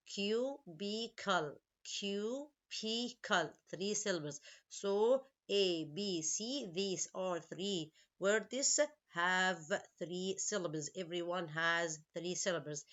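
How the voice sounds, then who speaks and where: A woman's voice: fairly low pitch, bright, forceful tone. A woman teaching English at an easy, patient pace, checking understanding with repeated questions. Her English is non-native, with small grammar slips and an Arabic-speaking background. The recording sounds a little dull and lo-fi. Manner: slow, explains each word and asks questions. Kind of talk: online English lesson.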